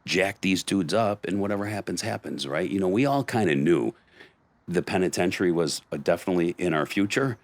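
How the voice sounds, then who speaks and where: A middle-aged man with an extremely low, deep voice tells a hard-edged story as a podcast guest, in blunt street talk. The sound is dry and close, with no room echo. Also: lively intonation, brisk. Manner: gritty street-talk storytelling, acts out quotes. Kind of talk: storytelling in conversation.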